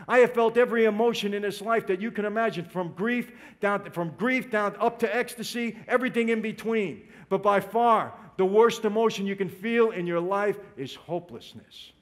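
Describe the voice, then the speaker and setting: A man giving an emotional religious testimony, speaking straight to his audience and calling them "people". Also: sits high. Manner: emotional, direct, addresses listeners as "people".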